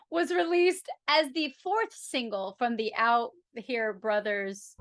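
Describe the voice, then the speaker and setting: A woman co-hosting a music podcast in casual chat, playful and quick to laugh as she reads out facts. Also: a little high, a bit bright, dry recording, clean studio sound. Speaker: podcast co-host.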